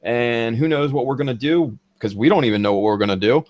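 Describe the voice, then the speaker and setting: A man hosting a casual online podcast, talking in a relaxed, rambling way with many fillers. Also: medium pitch, a little fast, no room sound. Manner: laid-back, filler-heavy, friendly sign-off. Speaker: podcast host. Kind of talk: casual chat.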